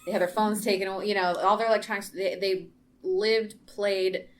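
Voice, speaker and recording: A woman hosting a casual movie discussion podcast, enthusiastic and quick to laugh. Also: medium pitch, flat delivery, noisy background. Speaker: podcast host.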